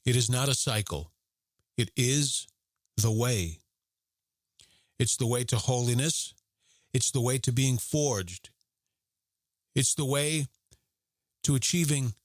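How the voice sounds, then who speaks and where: A former Marine hosts a Catholic podcast, telling a personal story and driving his point home by repeating it. His voice sits at an ordinary middle pitch. The close-miked recording is dry, with no room echo. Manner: earnest, repetitive, preacherly emphasis.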